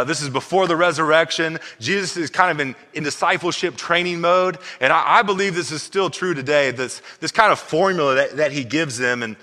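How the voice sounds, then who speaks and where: A man's voice: fairly high pitch, bright, forceful tone, long reverb tail. A man preaching a sermon as pastor, emphatic and repeating himself as he builds his points. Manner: emphatic, repeats words, acts out quoted voices.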